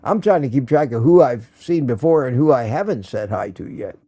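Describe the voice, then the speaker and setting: Male morning stream host, gravelly and unhurried, folksy and chatty, greets viewers by name, dry close sound. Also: medium pitch, animated, dark tone, no room sound. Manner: folksy and affectionate, laughs often. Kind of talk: casual live stream chat, reading viewer comments aloud.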